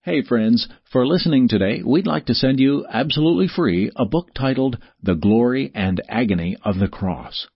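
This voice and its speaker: A man reading a friendly on-air offer for a radio program, repeating details clearly. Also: mid-range voice, expressive, moderate pace, hardly any pauses, no room sound. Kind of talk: scripted on-air offer announcement. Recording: dull, lo-fi radio broadcast sound.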